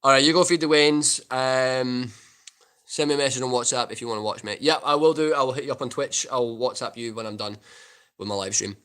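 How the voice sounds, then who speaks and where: A man's voice: mid-range voice, fairly quick, a bit bright, clear, resonant tone. A man chatting casually on a live stream, rambling as he answers viewers in the chat. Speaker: guitar YouTuber live streamer.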